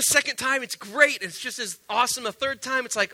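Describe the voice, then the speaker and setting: A man preaching a casual, animated sermon as a pastor, with stammered restarts and a conversational manner. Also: extremely high pitch, fairly quick, few pauses. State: sick.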